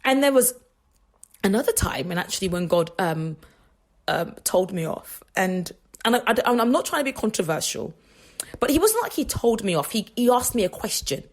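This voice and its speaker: A woman's voice: medium pitch, big pitch swings, normal speed. A woman hosting a faith radio show, telling personal stories in a chatty, rambling way with frequent laughs and restarts. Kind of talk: casual faith talk monologue.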